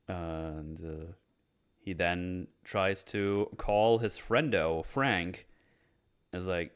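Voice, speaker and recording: A man from Germany with a fairly low voice hosts a casual podcast chat. He retells a film scene by scene, jumping into quick put-on voices for the dialogue and swearing freely. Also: smooth. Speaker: podcast host.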